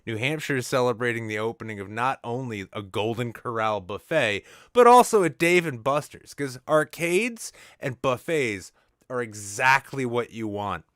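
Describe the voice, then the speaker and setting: Crude joking man with a crisp bright voice. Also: medium pitch, expressive, normal speed, dry recording, clean studio sound. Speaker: podcast host. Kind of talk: casual podcast banter.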